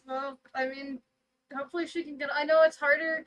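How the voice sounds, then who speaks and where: A woman's voice: high-pitched, little pitch movement, a little fast, a bit bright, poor audio. A woman co-hosting a casual livestream, teasing and joking, with frequent laughter.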